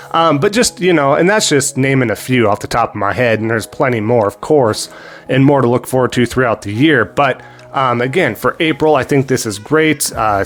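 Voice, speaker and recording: A man with a sick, hoarse voice hosts a gaming channel, giving rambling casual commentary on new games, full of fillers and thanks to viewers. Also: mid-range voice.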